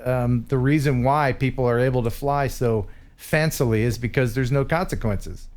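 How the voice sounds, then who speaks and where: A man's voice: medium pitch, moderate pace, a little mellow. A man from the United States hosting a casual live stream, joking and reading viewers' chat messages aloud. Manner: jokey, teasing, reads chat messages aloud. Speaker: host.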